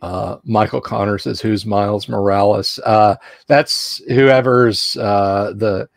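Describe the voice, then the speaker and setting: A man's voice: lowish voice, steady tone, slow pace, vocal fry, no echo, clean studio sound. A man hosting a casual chat show, jokey, laughing often and slipping into mock voices. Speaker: podcast host.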